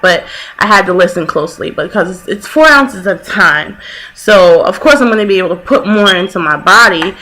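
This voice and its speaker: A woman's voice: mid-range voice, fairly quick, poor audio. A woman in her twenties telling a story casually in a vlog, acting out the people she quotes. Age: 20s. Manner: animated, laughing, acts out people she quotes. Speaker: vlogger.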